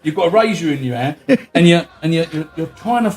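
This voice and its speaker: A man's voice: on the high side, lively intonation, fast, faint music behind. A man hosts a podcast, telling a long anecdote in casual chat, swearing freely and laughing as he goes. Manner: chatty, swears freely, laughs through his stories. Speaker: podcast host.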